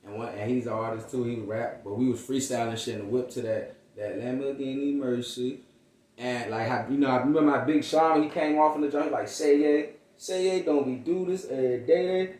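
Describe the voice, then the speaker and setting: A man's voice: mid-range voice, steady tone, fairly quick, a little mellow. A man who raps, from Virginia, telling stories in a casual, slangy way and acting out the voices of people he quotes. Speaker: rapper. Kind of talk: casual storytelling interview. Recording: roomy echo, distant mic.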